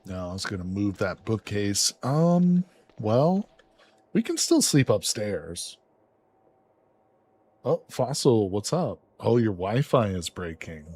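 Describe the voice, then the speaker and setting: A man streaming a survival game live, reacting excitedly with swearing and laughter as he plays. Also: lowish voice, slow, breathy edge. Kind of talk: live gameplay commentary.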